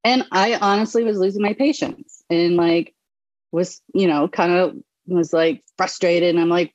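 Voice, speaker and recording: A woman's voice: medium pitch, unhurried, a little mellow, no echo, muffled recording. A woman in her thirties, a podcast host and mother, talking casually with lots of fillers and restarts. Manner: chatty, many fillers and restarts. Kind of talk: casual conversation.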